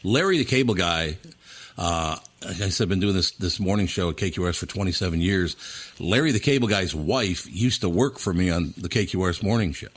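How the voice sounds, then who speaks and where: A man's voice: deep voice, animated, brisk, fairly bright tone. A middle-aged man from Minnesota, a radio and podcast host, chatting casually in a laid-back, chuckling way. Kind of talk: casual chat.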